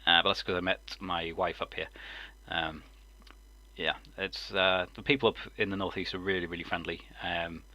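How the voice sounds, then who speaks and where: A man's voice: low voice, fairly even intonation, moderate pace, sharp tone, dry recording. A man in his forties from Lincolnshire with a mixed, slightly southern English accent, chatting casually on a live stream, rambling with lots of ums and frequent chuckles. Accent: mixed English, mildly southern-sounding. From Lincolnshire, England.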